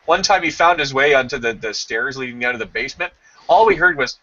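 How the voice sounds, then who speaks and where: Lively, bright-voiced man telling stories. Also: mid-range voice, fairly quick. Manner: animated, jokey anecdotes, acts out voices. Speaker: podcast host. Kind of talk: casual chat, storytelling. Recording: slightly dull lo-fi stream audio.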